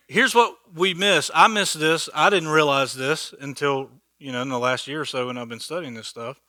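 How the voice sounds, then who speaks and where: Lively, chatty male Bible study teacher. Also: on the high side, normal speed, few pauses, dry recording. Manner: animated, chatty, keeps checking in with listeners; acts out quoted speech with humor. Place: church meeting room.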